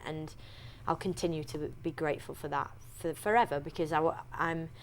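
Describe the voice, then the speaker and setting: Young yorkshire actress, low voice, chatty and laughy, bit of faint noise. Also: female voice, fairly even intonation. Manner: chatty, quick laughs, trailing restarts. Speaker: actress interviewee. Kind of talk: casual interview chat.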